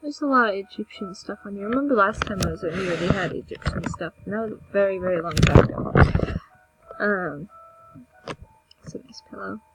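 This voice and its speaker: A young woman who makes gameplay videos talks over the game she's playing in casual, chatty commentary, poking fun at herself and sometimes slipping into a whisper. Her voice is medium-pitched and brisk, and the recording is very noisy.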